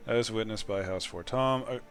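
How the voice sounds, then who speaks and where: A man's voice: on the low side, normal speed, a bit bright, faint music behind, natural voice. A man voicing a stiff long-winded priestly official. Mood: aggrieved.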